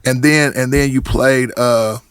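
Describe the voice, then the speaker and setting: A man's voice: mid-range voice, measured pace, smooth, no echo. Middle-aged man telling stories, dry sound. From Portland, Oregon. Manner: animated storytelling with many restarts and acted-out quotes. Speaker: podcast guest, rapper. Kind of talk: casual chat.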